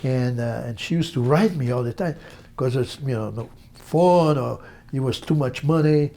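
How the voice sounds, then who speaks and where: An older man from Brazil with a Brazilian accent, telling stories in an interview in an animated, halting way. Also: mid-range voice, vocal fry. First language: Portuguese. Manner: animated, halting, acts out voices in quotes. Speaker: interview guest, musician. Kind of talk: storytelling interview.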